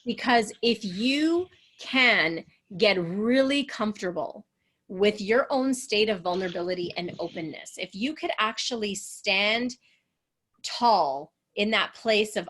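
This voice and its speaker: A woman's voice: mid-range voice, lively intonation, measured pace, fairly bright tone. Earnest encouraging woman relationship coach. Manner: earnest, encouraging, acts out quoted voices. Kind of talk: coaching session talk.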